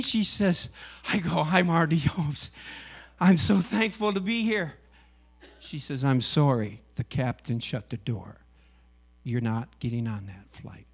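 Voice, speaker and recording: With a slightly high voice and a breathy edge, a man gives an emotional religious testimony as a UPS driver and missionary. He narrates the story and voices everyone's lines himself.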